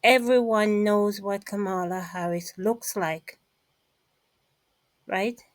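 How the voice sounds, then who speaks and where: A woman vlogger talks to her viewers in an emphatic, repetitive way, leaning on each point. Her delivery is slow and deliberate, at a mid pitch, and the recording sounds close and dry. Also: dry recording, rough recording. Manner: emphatic and repetitive, addresses listeners directly. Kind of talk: casual commentary monologue.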